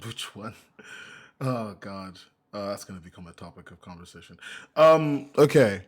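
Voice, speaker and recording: A man's voice: on the low side, animated, moderate pace. A young man co-hosting a casual podcast, joking, swearing and laughing often. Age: young adult. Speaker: podcast co-host.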